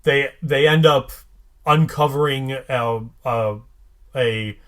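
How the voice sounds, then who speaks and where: A man co-hosting a podcast, recapping an episode in casual chat, halting with many fillers and restarts. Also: mid-range voice.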